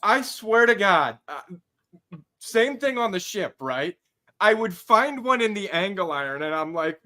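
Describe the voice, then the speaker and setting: A man chatting on a podcast panel, animated and swearing casually. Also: high-pitched, a little slow. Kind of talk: casual chat.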